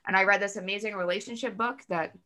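A woman chatting as a podcast guest, talking in a loose, fast way with many "like" fillers and acting out quotes in lively voices. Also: medium pitch. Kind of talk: casual podcast conversation.

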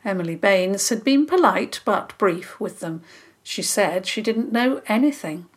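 A woman calmly narrating a children's story in a measured, scripted reading. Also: mid-range voice, husky.

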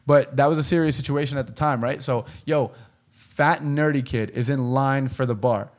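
A young man telling a story in casual podcast chat, animated and profane, with lots of "yo" and "like". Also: medium pitch, moderate pace. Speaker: podcast co-host.

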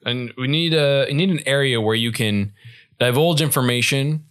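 A man's voice: medium pitch, normal speed, a bit bright, clean tone. A young man co-hosting a podcast, ranting in casual chat and swearing freely. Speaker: podcast co-host.

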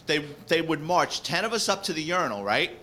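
A man, a retired police officer co-hosting a podcast, telling animated anecdotes and acting out the people he quotes. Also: on the high side, a little fast. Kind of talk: casual storytelling chat.

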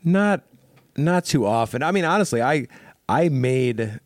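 A man co-hosting a casual car podcast, rambling in an animated way and often restarting his sentences. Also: mid-range voice, measured pace, no room sound, clean studio sound. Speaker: podcast co-host.

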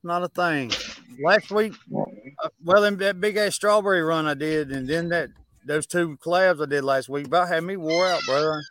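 A man's voice: on the high side, normal speed, fairly bright tone, dry recording. Plainspoken moonshiner man, dry sound. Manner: easygoing, plainspoken explainer. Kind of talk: casual podcast chat.

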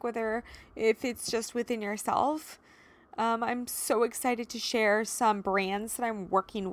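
A woman in her thirties hosting a solo podcast, talking in an emotional, earnest, encouraging way with many "you know"s and "like"s. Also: a little high. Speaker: podcast host and life coach. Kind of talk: heartfelt solo podcast talk.

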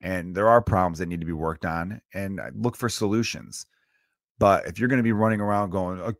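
A man's voice: low-pitched, normal speed, fairly bright tone, no echo, clean studio sound. A man in his thirties from Chicago, hosting a solo podcast and ranting in a profane, preachy way. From Chicago area. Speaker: podcast host.

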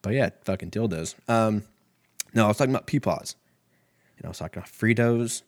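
A man in his thirties hosts a podcast, rambling alone through a crude, profane, self-mocking casual monologue that keeps drifting into tangents. His voice is fairly low and brisk, recorded dry with a clean studio sound.

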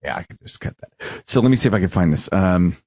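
A man co-hosting a casual podcast chat, animated and stop-start, laughing often. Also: low voice, quick pace, dry recording. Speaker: podcast co-host.

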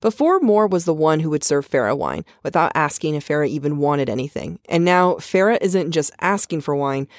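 A woman's voice: low-pitched, lively intonation, moderate pace, hardly any pauses, dry recording, studio quality. A woman with a Californian accent co-hosting a casual book podcast, chatty and playful, with self-deprecating jokes. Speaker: podcast co-host.

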